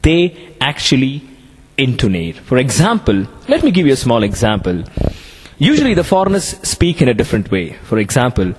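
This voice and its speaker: A man with an Indian English accent, giving a classroom lecture on communication skills in an animated way. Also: medium pitch, normal speed, slightly rough, in a large hall.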